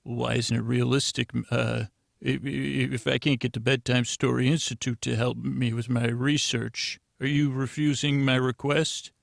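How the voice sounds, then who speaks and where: A man's voice: medium pitch, flat delivery, moderate pace, gravelly, dry recording, clean studio sound, close to an everyday voice. A man playing a bumbling fake anthropologist who stammers meekly through a request. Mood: pleading. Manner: stammering, hesitant, meek.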